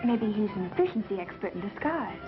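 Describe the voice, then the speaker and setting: An actress playing a quick-witted, sarcastic young woman who works as an ad executive, in a 1930s film. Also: mid-range voice, very animated, over music, lightly acted. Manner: sassy, sarcastic. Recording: dull 1930s film soundtrack, faint hiss.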